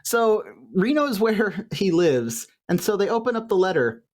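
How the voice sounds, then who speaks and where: A man co-hosting a podcast in casual recap chat, animated and laughing often as he quotes lines. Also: high-pitched, normal speed. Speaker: podcast co-host. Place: home room with light fan noise.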